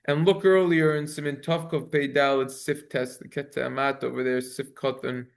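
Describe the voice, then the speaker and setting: A rabbi leads a halacha class as a Talmudic study session, chanting Hebrew in a singsong then translating it in a conversational, self-correcting way. His medium-pitched voice is creaky and flat, at normal speed.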